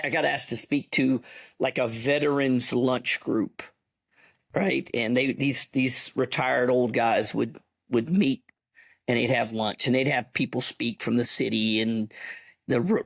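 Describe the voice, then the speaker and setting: Gravelly man spinning a yarn. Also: medium pitch, measured pace. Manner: animated, profane yarn-spinner. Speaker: podcast guest, army veteran. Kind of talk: casual storytelling.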